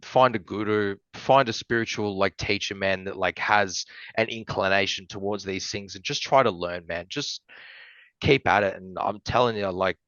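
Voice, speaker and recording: Man from Australia, podcast guest, rambly and heartfelt with fillers and swearing; low voice, dry muffled sound. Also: normal speed, a bit bright, no room sound. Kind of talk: casual chat.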